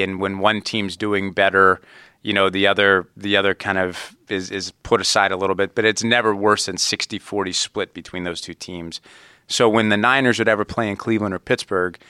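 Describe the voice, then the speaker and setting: A man's voice: low-pitched, steady tone, moderate pace, sharp tone, clear, resonant tone, no echo, studio quality. A man in his thirties from Ohio, a sports executive answering interview questions in an earnest, reflective way. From Ohio, USA. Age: 30s. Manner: earnest, reflective, frequent "you know". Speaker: sports team executive, guest. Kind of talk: conversational interview.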